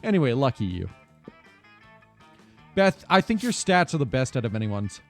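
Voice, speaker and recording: On a casual group game stream, a man animatedly reads a party game's text and choices aloud to his friends, tossing in playful asides. He has a mid-range voice at a moderate pace, with soft music in the background.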